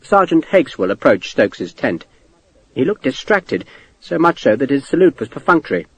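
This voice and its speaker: A man narrating an audiobook in an expressive, varied delivery. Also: mid-range voice, moderate pace, breathy edge, low-quality recording. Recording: dry close studio recording.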